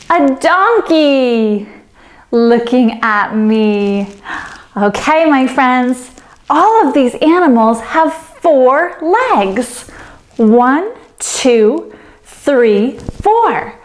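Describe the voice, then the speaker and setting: Slow gentle woman leading kids yoga. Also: fairly high pitch. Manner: slow, soothing, with playful animal sounds. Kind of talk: gentle storytime yoga instruction.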